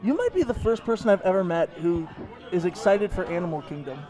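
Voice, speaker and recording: A man's voice: high-pitched, lively intonation, fairly quick, dark tone, soft background music, some chatter behind. A young man hosting a casual interview, joking and teasing his guests. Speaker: host.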